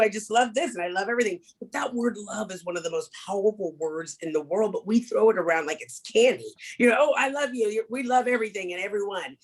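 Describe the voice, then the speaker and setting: A woman's voice: fairly low pitch, husky. A woman speaker leading a small group workshop, talking openly and animatedly and getting everyone to repeat affirmations. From Kansas. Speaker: motivational speaker. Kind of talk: interactive workshop talk.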